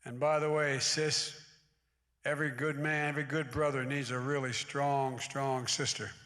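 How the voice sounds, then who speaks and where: A man's voice: medium pitch, level tone, normal speed, sharp tone. A man in his eighties giving a public speech at a church service, mixing folksy asides with emphatic oratory. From United States. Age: 80s. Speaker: guest speaker at a church service. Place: large church sanctuary. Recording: long hall reverb in a large church.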